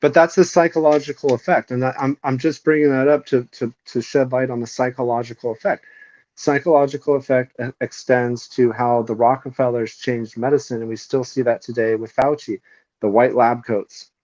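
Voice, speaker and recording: A man's voice: medium pitch, steady tone, fairly quick, darkish tone, no echo, dull audio. A man co-hosting a podcast, ranting casually with heavy swearing and strong opinions. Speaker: podcast co-host.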